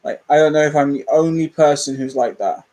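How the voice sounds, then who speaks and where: Chatty man, slightly high voice. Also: a little fast, dark tone, poor audio. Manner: candid, rambling, self-deprecating. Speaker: movie channel host. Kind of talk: casual livestream chat.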